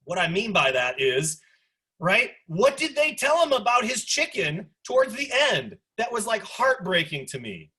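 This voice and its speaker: Animated male instructor on a video call. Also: high-pitched, moderate pace, breathy edge. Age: 40s. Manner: animated, chatty, lots of asides. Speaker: sociology instructor. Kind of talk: online class discussion lecture.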